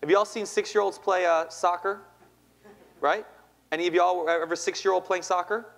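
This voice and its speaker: High-voiced playful storyteller man. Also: fairly even intonation, fairly quick, fairly bright tone. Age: 30s. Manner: playful, quizzing the audience. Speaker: poet and speaker. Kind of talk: spoken-word storytelling talk.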